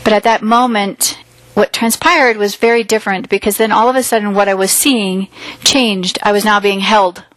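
A woman's voice: medium pitch, fairly even intonation, normal speed, a bit bright, dry recording, poor audio. A woman earnestly retelling a personal experience in vivid detail, acting out what was said. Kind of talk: personal storytelling.

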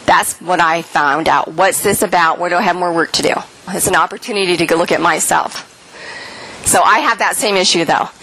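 A middle-aged woman author, her voice lowish and brisk, gives an earnest spiritual talk to an audience on a low-quality recording. She tells stories animatedly, acting out the voices of the people she quotes.

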